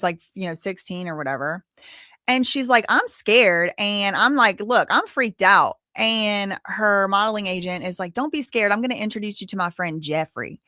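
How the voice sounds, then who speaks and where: A woman's voice: medium pitch, bright, forceful tone, no room sound, studio quality. A woman hosting a live show, talking casually as she paraphrases and comments on a translated clip. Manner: chatty, interrupting to paraphrase and comment. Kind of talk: live-stream commentary, reading translated subtitles aloud.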